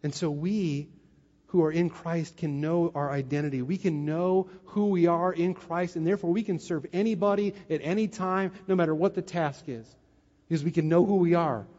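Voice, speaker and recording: Middle-aged male preacher, animated storyteller, muffled sound in a large echoing hall. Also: on the high side, normal speed. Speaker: pastor. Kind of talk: sermon with personal story. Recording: muffled, long hall reverb.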